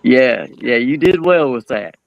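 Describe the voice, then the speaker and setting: A man's voice: mid-range voice, expressive, a little slow, creaky, no echo, highs cut off. A man co-hosting a podcast, joking with the guest and laughing a lot. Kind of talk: casual chat.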